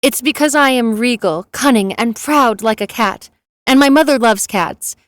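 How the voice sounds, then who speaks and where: A woman's voice: a little high, normal speed, dry recording, clean studio sound, natural voice. A woman voicing a proud, courteous French werewolf chef in his thirties, speaking with a French accent in a storybook reading. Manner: polite and proud, mixing French phrases.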